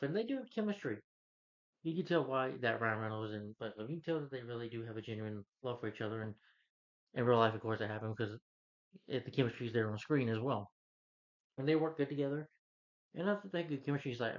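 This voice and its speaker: Guy rambling through a movie plot recap, kinda low voice, dull lo-fi sound. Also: fast talker. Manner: rambling, with frequent restarts. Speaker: film reviewer. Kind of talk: casual plot retelling. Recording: dull lo-fi recording.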